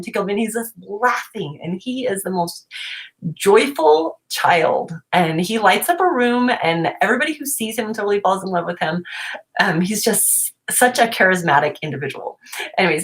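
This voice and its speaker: An animated woman in her thirties chats through a casual home livestream, her pitch leaping up and down as she tells a family story. She laughs easily and puts on high little voices when she quotes her kids. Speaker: mom vlogger.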